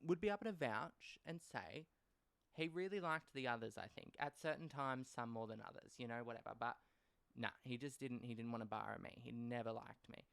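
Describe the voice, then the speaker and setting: A young man hosts a casual storytelling podcast in a brisk, gravelly, mid-range voice with a fairly bright, clean tone on a dry recording. He's blunt and swears freely, wry and rambling, trailing off into asides.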